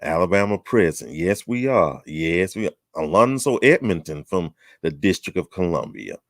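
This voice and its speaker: A very deep-voiced man hosts a relaxed chat show, greeting people with folksy teasing. His voice swings up and down a lot, and the sound is dry and close. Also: moderate pace, creaky, no echo. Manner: folksy, teasing, drawling southern talk. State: out of breath. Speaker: host. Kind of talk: casual chat show welcome.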